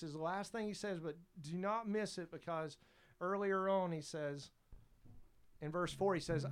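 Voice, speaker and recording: Fervent high-voiced male preacher. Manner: fervent, emphatic preaching with repeated exhortations. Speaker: pastor. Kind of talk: sermon.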